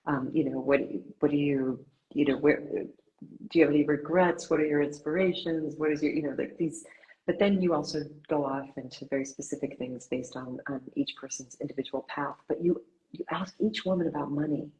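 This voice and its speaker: A woman with a notably low, deep voice hosts an author interview. She talks in an earnest, meandering way, circling her questions with "um" and "you know" before landing them. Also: normal speed, a little mellow, lo-fi sound. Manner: earnest, rambling questions with many fillers. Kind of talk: conversational interview.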